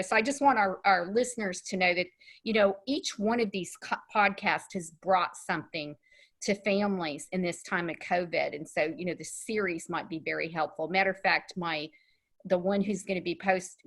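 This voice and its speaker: A woman's voice: on the low side, fairly bright tone. A woman in her sixties hosting a podcast interview, chatty and laughing lightly between her points. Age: 60s. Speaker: podcast host. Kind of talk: casual conversational interview.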